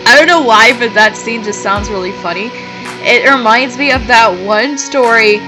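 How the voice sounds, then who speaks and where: A woman reads fan fiction aloud for laughs, breaking off for mocking asides and laughing often, with guitar music in the background. Her voice is a little high at normal speed, and the recording is rough.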